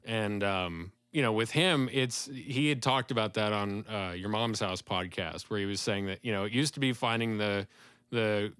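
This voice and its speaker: A male podcast host chatting casually, with a bright, forward tone and a smooth, crisp voice. He rambles enthusiastically through his thoughts and laughs easily. The sound is close and dry, with no room echo. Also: on the low side, moderate pace.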